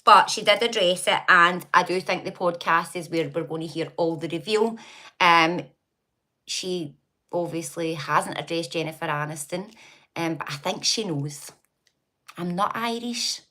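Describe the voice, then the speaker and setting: A Scottish woman's voice, on the low side, bright and forceful, comes through a little slowly as she hosts a relaxed livestream. She reads comments, greets people by name, gossips, and laughs frequently.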